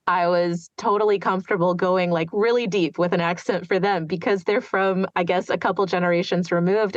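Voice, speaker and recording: A woman's voice: fairly low pitch, dry recording. Kentucky-born woman host, reflective and chatty, close dry mic. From Kentucky, USA. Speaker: podcast host and audiobook narrator. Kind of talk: podcast interview. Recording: dry, dull lo-fi sound.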